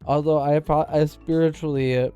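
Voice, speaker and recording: A young man streaming live, chatting casually and swearing while reading a visual novel, with excitable, repetitive rants. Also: fairly high pitch, moderate pace, clean tone, dull audio, faint music behind.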